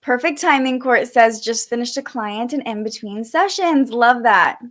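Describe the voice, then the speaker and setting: A woman's voice: fairly high pitch, normal speed, fairly bright tone. A young woman hosting a casual astrology livestream, chatting and reading viewer comments aloud, a bit sleepy.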